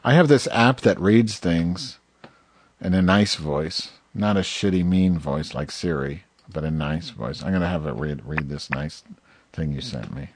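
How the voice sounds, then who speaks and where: A man making a prank phone call, talking in a sardonic, mumbling, deadpan way. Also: low voice, measured pace, a little hiss or hum. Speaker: prank caller.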